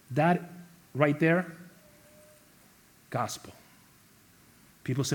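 A man preaching a sermon to his congregation, animated, acting out the quoted characters and rising to loud emphasis. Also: a little high, takes it slowly, long pauses. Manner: speaks to the congregation as church family. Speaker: pastor.

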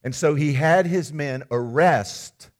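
A man preaching a sermon, retelling a scripture story in a conversational, animated way. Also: a little high, slow.

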